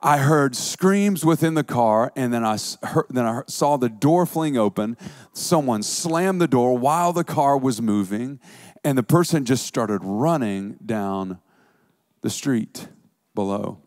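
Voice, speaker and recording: A man preaching a sermon as a pastor, telling a story vividly with dramatic swings between hush and intensity. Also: mid-range voice, animated, a little slow, dry recording, studio quality.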